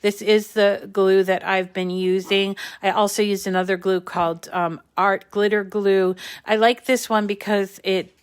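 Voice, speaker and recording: A woman's voice: mid-range voice, flat delivery, unhurried, few pauses, clear, resonant tone. A woman hosting a live paper-crafting tutorial, chatting casually with many ums and small restarts as she walks viewers through each step. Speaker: crafting channel host.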